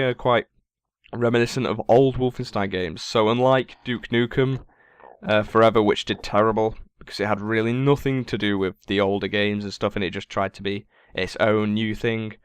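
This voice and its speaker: Man, deep smooth voice, casual gaming podcast co-host, dry jokes, slightly hoarse. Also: fairly even intonation, moderate pace, dry recording. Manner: runs through a game list, dry jokes. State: voice going hoarse.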